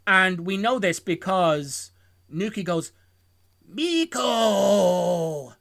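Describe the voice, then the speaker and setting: A man's voice: sits high, moderate pace, sharp tone, dry recording, studio quality. A man recapping a film plot for his podcast co-hosts in a rambling, self-correcting way, chuckling often. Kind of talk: casual chat.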